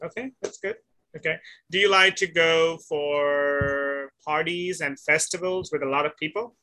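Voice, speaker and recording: A man's voice: fairly high pitch, steady tone, measured pace, pushed and bright. A man teaching an online one-on-one English lesson, patiently repeating questions and checking in with "okay?" after each instruction.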